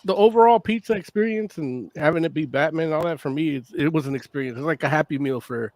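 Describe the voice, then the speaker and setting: A man co-hosting a casual podcast, talking in halting starts and swearing casually. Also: on the high side, darkish tone, no echo. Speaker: podcast co-host. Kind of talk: casual chat.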